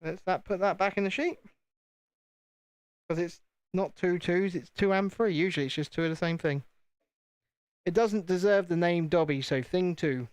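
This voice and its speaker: British male host, casual stream chat, joking and self-deprecating, slightly high voice, dry close sound. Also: moderate pace, pauses often, smooth, no echo. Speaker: channel host. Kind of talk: casual live-stream chat while building.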